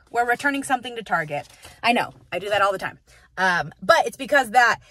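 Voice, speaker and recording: A young woman vlogging casually to camera, bubbly and gushing with excitement. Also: fairly high pitch, far from the mic. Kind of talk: casual vlog talk to camera.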